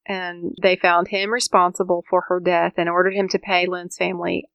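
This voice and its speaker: A woman co-hosting a casual true-crime podcast chat, telling the case with lively asides and frequent laughs. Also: lowish voice, moderate pace, gravelly, no room sound, highs cut off. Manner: animated storyteller, acts out quotes, laughs often. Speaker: podcast co-host.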